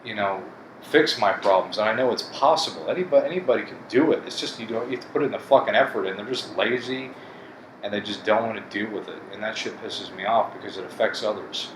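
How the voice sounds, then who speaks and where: A man in a bitter, profane rant, with a somewhat low voice. He speaks bluntly to his viewers. The room rings with echo, and air conditioning hums steadily behind him. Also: fast, background noise. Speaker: vlogger. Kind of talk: casual monologue to camera.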